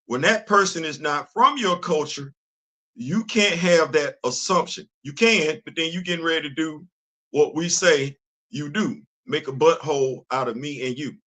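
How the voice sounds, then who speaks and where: At a moderate pace, a middle-aged host from the Bronx, New York, streams a casual monologue in a voice that's high for a man and bright and forceful. He circles back to his points, repeating and restarting, in emphatic, conversational street slang.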